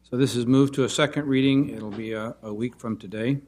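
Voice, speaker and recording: A man of middle pitch runs a council meeting and announces procedural matters. He speaks in a businesslike way, with brief hesitations between items. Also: fairly even intonation, a little fast, darkish tone.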